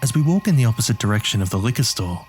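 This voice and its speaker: A man's voice: mid-range voice, very animated, rapid-fire, a little mellow, soft background music. A man narrating a horror story in the first person with a gritty, streetwise delivery.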